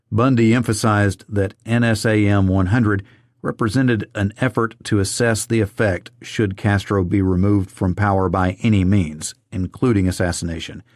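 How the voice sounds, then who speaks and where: A man narrating an audiobook of a government report in a measured way, reading out quotes and footnotes. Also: on the low side, no echo, studio quality.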